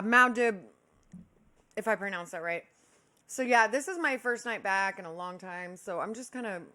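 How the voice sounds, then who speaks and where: A woman's voice: a little high, sharp tone. A young woman from Kansas City hosting a livestream, chatting casually with her viewers, laughing often and greeting them with affectionate nicknames. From Kansas City, USA. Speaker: livestream host.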